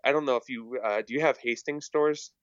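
A man's voice: mid-range voice, steady tone, brisk, dry recording, highs cut off. A man chatting casually as a podcast guest, hesitant and often repeating his words with many fillers. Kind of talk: casual chat.

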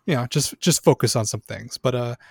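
A man's voice: medium pitch, brisk, creaky, a little mellow, slightly rough, no room sound, studio quality. A man co-hosting a podcast in casual chat, speaking hesitantly with many fillers. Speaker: podcast co-host.

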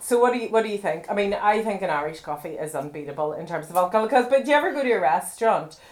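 A woman's voice: medium pitch, expressive, rapid-fire. A woman co-hosting a podcast in casual chat, slightly tipsy, often giggling and repeating herself. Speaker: podcast co-host. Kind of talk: casual chat, reading a story aloud.

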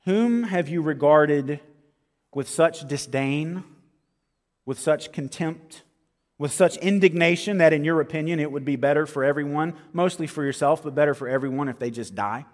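Male pastor, slightly high voice, earnest sermon delivery with emphatic builds, long reverb of a sanctuary. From American South. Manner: earnest, rising to emphatic peaks, slows for stress.

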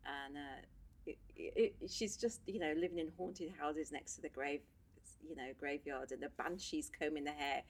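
A woman guest on a podcast, telling stories from her life in a casual, animated way. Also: deep voice, moderate pace. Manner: animated storyteller, laughs often. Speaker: podcast guest, social worker. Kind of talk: casual storytelling chat.

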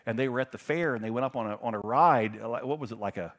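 A middle-aged man preaching a sermon, telling stories in a conversational way and swinging from loud emphasis to hushed, intense passages. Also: medium pitch, fast. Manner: conversational storytelling with fillers. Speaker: pastor.

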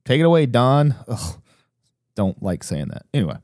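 Fast-talking man hosting a religious podcast. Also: mid-range voice, sing-song, darkish tone, no room sound, clean studio sound. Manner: fast, urgent, self-interrupting. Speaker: podcast host.

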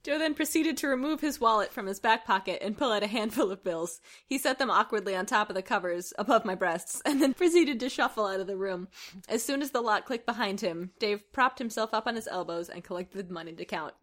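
A woman's voice: medium pitch, brisk, fairly bright tone. A woman co-hosting a comedy podcast, reading a story aloud and laughing as she goes. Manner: giggly, breaks into laughter while reading. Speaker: podcast co-host reading fan fiction.

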